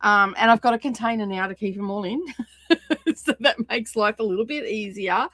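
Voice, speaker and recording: Chatting in a rambling way during a craft-along livestream, a woman explains her work from her home craft space. She has a mid-range, slightly bright voice at a moderate pace, and there's no room sound.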